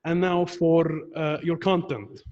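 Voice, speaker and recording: A young man evaluating a club member's speech on a video call, earnest and halting, often restarting his words. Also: a little high, level tone, darkish tone, big-room sound, lo-fi sound.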